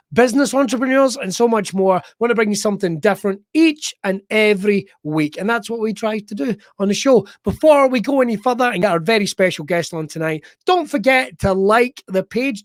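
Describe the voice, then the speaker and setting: A Scottish man hosting a podcast with a bright, high voice. He talks like an upbeat showman and cracks jokes. The sound is close and dry. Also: no echo. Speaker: podcast host. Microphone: remote call.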